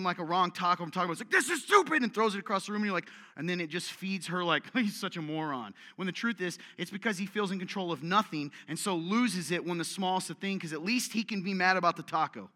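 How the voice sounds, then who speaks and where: A man's voice: sits high, sharp tone. A male pastor preaching a conversational sermon, joking with his audience and acting out the voices he quotes. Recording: long hall reverb.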